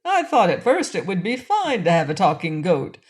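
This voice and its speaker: A woman's voice: on the low side, wildly swooping pitch, normal speed, darkish tone. A woman doing a giggling, jolly fat little king. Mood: giggling merry. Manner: giggly, merry, laughing. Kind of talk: audiobook reading.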